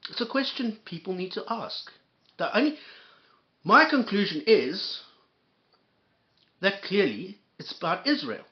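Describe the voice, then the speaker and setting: A man's voice: sits high, lively intonation, a little slow, pauses often, highs cut off. A man hosting a reaction commentary, talking in a heated, sarcastic way and swearing freely. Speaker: commentary host.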